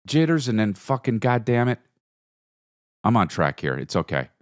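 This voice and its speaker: A man's voice: fairly low pitch, big pitch swings, moderate pace. A man hosting a podcast, rambling through a profane, comedic solo monologue that jumps between topics. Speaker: podcast host.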